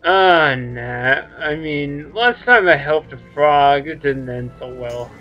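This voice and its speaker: Let's play host, man, slow joking asides, lo-fi mic with faint music. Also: fairly high pitch. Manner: joking, crude, laid-back asides. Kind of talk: gameplay commentary. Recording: dull lo-fi mic with game music.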